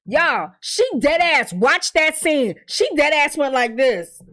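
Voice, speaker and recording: A woman's voice: sits high, takes it slowly. A young adult woman giving a casual, profane TV recap, bluntly acting out the characters' lines as she tells the story. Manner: blunt, profane, animated storytelling with quoted dialogue. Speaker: TV recap host.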